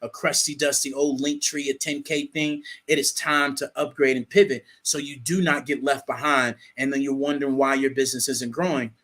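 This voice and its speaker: A young man co-hosting a show, telling a folksy story in a casual, animated way and often repeating his words. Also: medium pitch, normal speed, hardly any pauses. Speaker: co-host.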